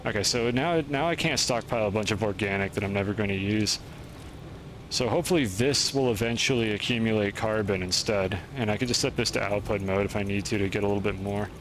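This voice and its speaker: A man's voice: lowish voice, fast, a bit bright, a little hiss or hum. A man streaming a game, chatting through his moves in a rambling, self-deprecating way. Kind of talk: gameplay commentary.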